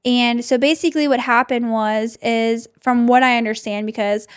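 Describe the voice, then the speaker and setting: A woman's voice: fairly even intonation, moderate pace, clean tone. A young woman hosting a podcast, telling a personal story in a chatty way, with "like" in nearly every sentence. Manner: chatty, says "like" constantly, drops to a soft low voice for tense parts. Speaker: podcast host. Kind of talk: personal storytelling, casual chat.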